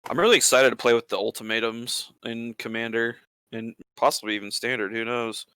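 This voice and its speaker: Bright, crisp-voiced man in casual chat. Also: mid-range voice, fairly even intonation, brisk, no room sound. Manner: easygoing, asks questions.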